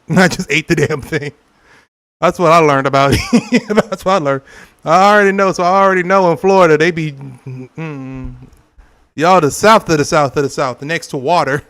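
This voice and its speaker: Playing a game on stream, a young Californian man chats casually with his viewers, cracking jokes, laughing a lot and now and then performing silly quotes in a loose, rambling style. His voice is a little high, smooth, clear and a bit bright, at a moderate pace with frequent pauses.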